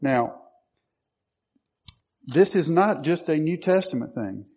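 A man's voice: fairly high pitch, lively intonation, takes it slowly, darkish tone, breathy edge, muffled recording. A man preaching a sermon, quoting scripture and stressing key words emphatically.

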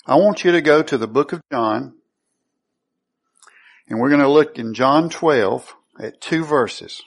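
A man's voice: medium pitch, a little slow, vocal fry, husky. A man preaching a sermon who teaches through scripture, reading verses aloud and then asking his listeners questions he answers himself. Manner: asks the congregation rhetorical questions and answers them.

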